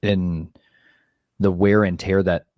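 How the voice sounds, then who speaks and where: A man co-hosting, talking earnestly and reflectively about family life, measured and searching for words. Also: deep voice, flat delivery, darkish tone, no room sound, clean studio sound. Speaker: co-host sharing family story. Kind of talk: reflective personal talk.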